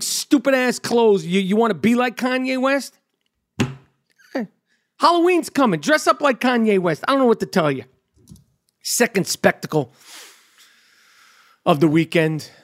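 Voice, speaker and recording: A man hosting a podcast, delivering a blunt, profane, heated monologue. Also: high-pitched. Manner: blunt, heated, heavy swearing. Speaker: podcast host.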